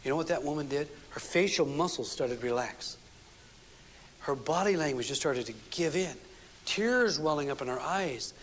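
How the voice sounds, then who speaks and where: A man's voice: a little high, animated, moderate pace, fairly bright tone. A man giving a seminar talk on relationships to a live audience, telling stories and acting out the dialogue in them. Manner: storytelling, acts out quoted dialogue. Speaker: relationship speaker. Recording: long reverb from a hall, faint noise.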